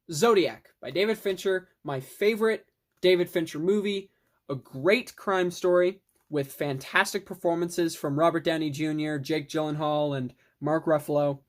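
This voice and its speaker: A person casually reviewing films in a video, rambling and restarting sentences, with the odd swear word. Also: medium pitch. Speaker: film vlogger.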